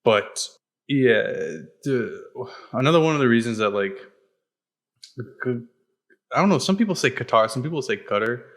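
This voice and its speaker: A man's voice: medium pitch, expressive, moderate pace, pauses often. A young man co-hosting a podcast, explaining in a blunt, profane, casual way while hedging often. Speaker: podcast co-host. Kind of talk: casual chat.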